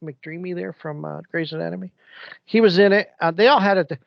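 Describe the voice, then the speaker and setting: A man's voice: high-pitched, fairly quick, creaky, no echo. Rambling man, muffled dry audio. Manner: rambling, animated storyteller. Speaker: podcast co-host. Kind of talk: casual chat.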